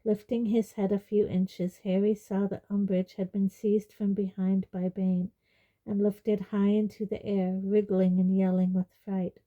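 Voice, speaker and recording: A woman reading a fantasy novel aloud in a measured audiobook narration. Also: medium pitch, level tone, phone-quality sound. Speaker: reader.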